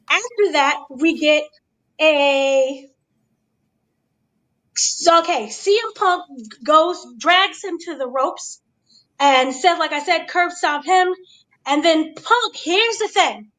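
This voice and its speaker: A woman hosting a casual review chat, giving an excited blow-by-blow recap and checking in with her listeners. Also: sits high, poor audio. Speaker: podcast host.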